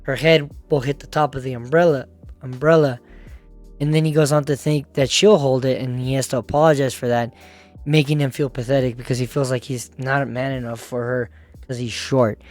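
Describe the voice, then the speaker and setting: A man's voice: medium pitch, steady tone, a little fast, darkish tone. A man narrating a manga recap in a casual, rambling, slangy way with frequent laughter. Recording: faint music behind.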